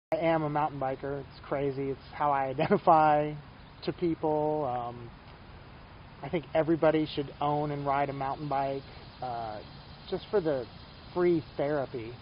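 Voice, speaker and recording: A man's voice: on the high side, highs cut off, slight background noise. A man from Texas giving a casual testimonial interview, talking with eager enthusiasm and rambling from one thought to the next. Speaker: shop customer and ambassador.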